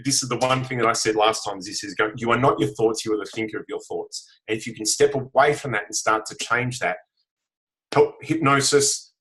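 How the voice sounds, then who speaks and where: A man's voice: mid-range voice, fairly bright tone, low-quality recording. A man, giving a frank, earnest motivational talk as a guest over a video call. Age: 40s. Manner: earnest, frank, frequent "right?" tags. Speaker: guest self-help speaker.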